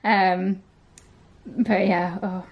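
A young woman talks casually to her vlog audience. She sounds tired and sluggish, and her speech wanders with lots of fillers. Her pitch sits in the middle for a woman. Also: level tone, very slow, muffled recording. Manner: chatty, rambling, lots of ums and likes. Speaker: vlogger. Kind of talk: casual chat.

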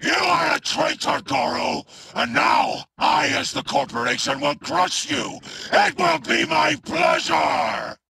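An actor playing a hulking, brutal male cyborg enforcer in a video game, with a harsh, gravelly, machine-like voice and a contemptuous, menacing way of barking threats. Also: very high voice, slow, few pauses, shouting, background noise, heavily acted. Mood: contemptuous taunting.

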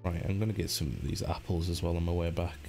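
A man hosting a let's play stream, chatty and joking with his chat, humming and breaking into playful high squeaks now and then. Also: steady tone, fast talker, vocal fry, warm tone, faint music behind. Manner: playful pitch jumps, hums and sings to himself. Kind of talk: live-streamed gameplay commentary.

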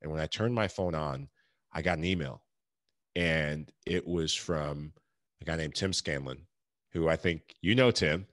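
A man's voice: extremely low pitch, measured pace, a bit bright, no echo, clean studio sound. A man in his thirties telling his story in an interview, earnest and reflective, laughing often. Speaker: podcast guest, former pro athlete.

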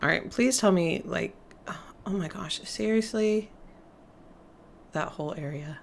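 A woman's voice: lowish voice, measured pace, vocal fry, slight background noise. A woman giving casual, chatty commentary while playing a video game, talking to the game characters. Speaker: let's play gamer.

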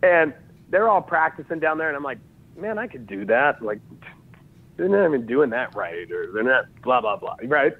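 A man's voice: medium pitch, normal speed. Man telling a story over a tinny line. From Utah. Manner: lively storyteller who acts out dialogue and laughs often. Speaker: podcast guest, jiu-jitsu and wrestling coach. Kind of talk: storytelling in casual conversation.

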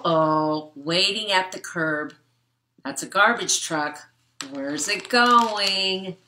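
An older woman reading a picture book to children in a gentle, chatty way, stopping to explain words and talk to the kids. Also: fairly low pitch, reverberant, slight background noise. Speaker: storytime reader.

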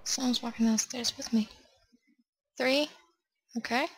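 A woman narrating her horror game play, jittery and swearing, often dropping to a hushed murmur as she counts steps. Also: on the high side, moderate pace, a little hiss or hum. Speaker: let's play gamer.

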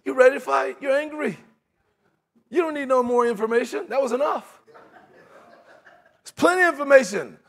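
A man preaching a sermon in a conversational, animated way, acting out quotes and laughing along with his points. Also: very high voice, moderate pace, long pauses.

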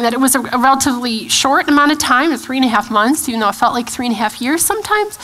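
A woman in her thirties shares a personal testimony at a church gathering. Her voice sits a little high, and she talks earnestly, stopping and restarting as she searches for words. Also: lively intonation, a bit bright, low-quality recording. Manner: earnest, halting, with frequent restarts and fillers. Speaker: guest speaker. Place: church event hall.

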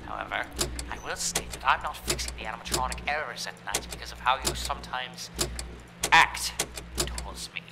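A man's voice: medium pitch, normal speed, gravelly, close to an everyday voice. A man voicing a condescending male engineer who leaves a recorded message for a rival in a horror game, explaining what to do. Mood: smug, instructive. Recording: loud background noise.

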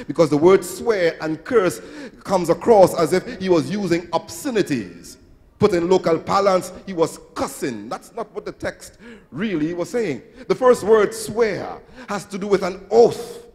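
High-voiced preacher, gravelly. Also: male voice. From Trinidad and Tobago. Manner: preaches with sing-song swells and acted quotes. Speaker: pastor. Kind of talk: sermon. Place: church sanctuary. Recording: reverberant church hall.

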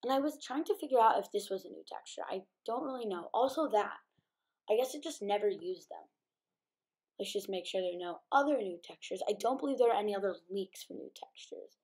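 A woman giving casual game commentary as a gaming YouTuber, chatty and filling pauses with um and like, sleepy from just waking up. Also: medium pitch, animated, a little mellow. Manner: chatty, many ums and likes.

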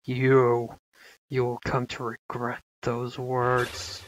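A player reading game dialogue aloud, voicing a menacing dark god of a shadow realm in a slow, low, quietly threatening way. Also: monotone, low-quality recording.

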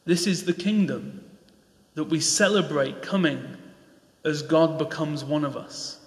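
A Northern English man delivers an enthusiastic sermon, his pitch sitting high for a man. His voice rings through a church hall with a long, roomy reverb. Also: unhurried. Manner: passionate, enthusiastic preaching with rising pleading questions. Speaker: preacher.

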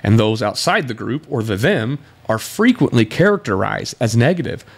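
Exasperated man with a lively, swooping voice. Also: medium pitch, normal speed, creaky, slightly rough. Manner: sarcastic, exasperated, laughs between points. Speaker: podcast host. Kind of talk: commentary responding to a video.

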